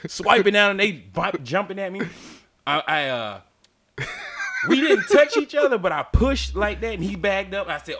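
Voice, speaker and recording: A man's voice: high voice, expressive, moderate pace, vocal fry, fairly bright tone. A man hosting a casual podcast chat, telling stories in profane slang and laughing often. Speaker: podcast host.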